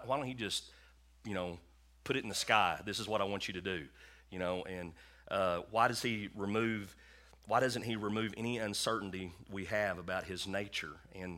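A man's voice: lowish voice, pushed and bright. A man preaching a sermon in a church to his congregation, in a folksy, conversational way with lots of repetition. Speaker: pastor.

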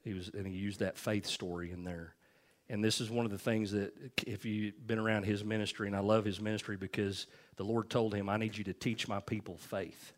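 A male pastor preaching a sermon, telling stories in a folksy, animated way. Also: lowish voice, fairly quick.

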